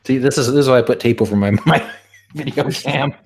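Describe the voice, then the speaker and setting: A man's voice: medium pitch, brisk. A man hosting a stream, chatting casually and joking, rambling with fillers and restarts. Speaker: stream host. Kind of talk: casual group chat.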